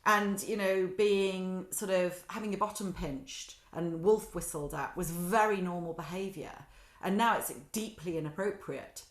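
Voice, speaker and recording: A woman's voice: on the low side, unhurried. A middle-aged woman, a guest talking reflectively and with animation, often acting out quotes and laughing at herself. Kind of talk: reflective conversational chat. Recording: roomy echo.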